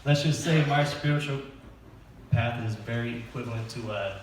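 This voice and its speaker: A man's voice: medium pitch, moderate pace, a little hiss or hum. A man doing a rambling, self-deprecating stand-up set at a church open mic night. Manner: nervous, self-deprecating, rambling with fillers and laughs. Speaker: stand-up comedian. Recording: echoey hall recorded from far off.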